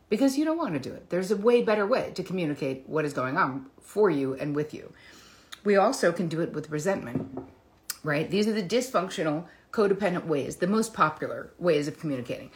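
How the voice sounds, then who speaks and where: A middle-aged woman therapist talking solo on a live stream, candid and chatty, casually swearing and poking fun at herself. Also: low voice.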